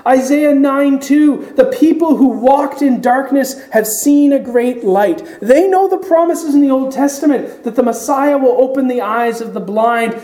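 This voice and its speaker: Male pastor, sermon, mellow voice, roomy echoey church sound. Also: very high-pitched. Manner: expository preaching, acting out quoted voices.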